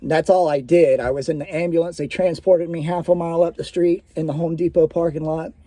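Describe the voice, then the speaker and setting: A man with a somewhat high but mellow voice talks through a personal story off the cuff. His delivery rambles and is full of fillers, and the sound is dry and close. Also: fairly even intonation, a little fast, dry recording. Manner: rambling, conversational, many fillers.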